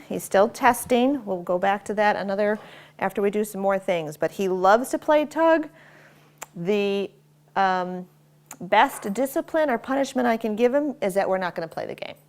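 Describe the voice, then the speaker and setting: A woman dog trainer demonstrating at home, giving short firm commands and quick praise while explaining each step. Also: mid-range voice, lively intonation. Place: home, indoors.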